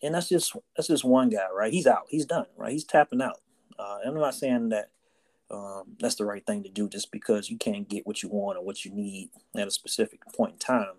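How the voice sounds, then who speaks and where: A man with a lowish, darkish voice speaks briskly while co-hosting a casual podcast chat. A Navy sailor, he tells a story and often tags his lines with "right?" and "you know."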